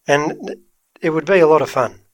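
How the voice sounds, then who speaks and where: A man's voice: fairly high pitch, normal speed, dry recording. A man co-hosting a podcast, teasing and playful in casual chat. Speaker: podcast co-host.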